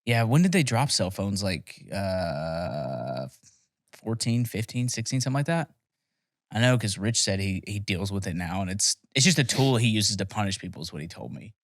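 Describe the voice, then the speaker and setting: A man's voice: fairly low pitch, big pitch swings, moderate pace, dry recording, clean studio sound. Man telling rambling profane stories. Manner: rambling, profane storytelling with laughs. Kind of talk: casual podcast chat. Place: podcast studio.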